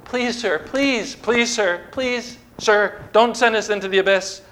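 A groveling horde of demons whines and pleads in a raised, wheedling voice, as a man puts them on. The tone is bright and pinched. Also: high-pitched, measured pace, voice pushed up. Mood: begging.

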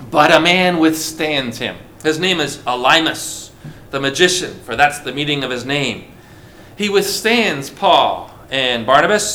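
A man preaching a sermon, animated and posing rhetorical questions to his listeners. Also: sits high. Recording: roomy echo.

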